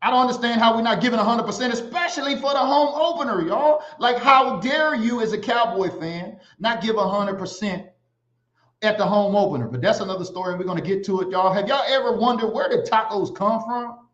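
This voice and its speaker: A man hosting a casual livestream, animated and giving shout-outs to viewers. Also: sits high, a little fast. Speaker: livestream host. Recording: echoey, slightly dull sound.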